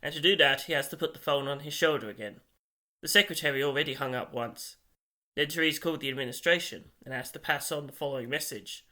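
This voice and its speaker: A man narrating an audiobook in a steady storytelling voice. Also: fairly high pitch, quick pace. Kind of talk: scripted narration.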